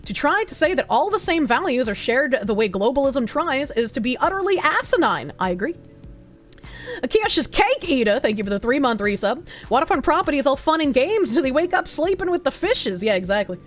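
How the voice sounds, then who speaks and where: A woman streamer whose high, bouncy voice leaps up and down as she chats through donations, cursing with ease. Her speech is casual and animated, and faint music plays in the background. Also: brisk. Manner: lively, swears casually, gasps and sings snippets. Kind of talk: casual livestream chat reading donations.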